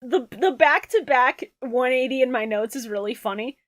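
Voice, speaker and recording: A woman's voice: high voice, normal speed, dry recording. A woman co-hosting a casual comedy podcast, swearing freely and laughing through her riffs. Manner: laughing, profane, riffs in silly voices. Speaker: podcast co-host.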